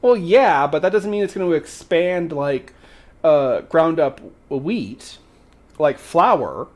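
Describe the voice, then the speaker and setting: This host's voice is fairly high and his pace slow as he casually recounts a folk tale on his livestream. Along the way he throws animated, exasperated comments at the chat.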